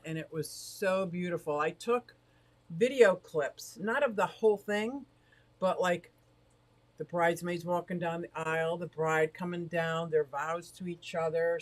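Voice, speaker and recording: A middle-aged woman hosts a casual livestream from a room beside a fish tank. She talks in a bubbly, rambling way, quick to laugh, answering viewers' comments as they come in. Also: on the low side. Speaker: livestream host of an aquarium shop.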